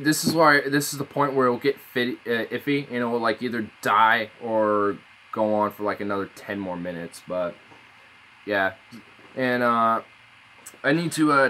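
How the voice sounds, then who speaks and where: Casting: young male streamer, low-pitched with a bright, forceful edge, rambling and profane, phone mic. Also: slight background noise, rough recording. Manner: rambling, loose, profane, repeats words as he restarts. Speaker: live streamer. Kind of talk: casual live-stream chat.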